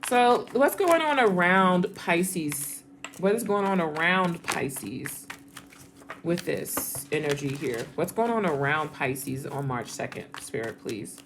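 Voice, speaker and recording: A woman's voice: low voice, expressive, slow pace, background noise. A woman giving a casual, chatty tarot reading, repeating phrases and laughing often. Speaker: tarot reader.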